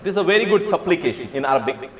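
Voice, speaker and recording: This man's voice sits on the high side, expressive and racing along, with a little hiss or hum on the recording. Telling a story as part of a lecture to students, he presses his points hard, repeats himself and throws out rhetorical questions. Faint ambience and echo come from the room.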